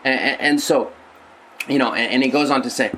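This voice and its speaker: A man's voice: medium pitch, a little fast, sharp tone, a little hiss or hum, rough recording. A male pastor giving a conversational sermon, rambling with many restarts and repeated words.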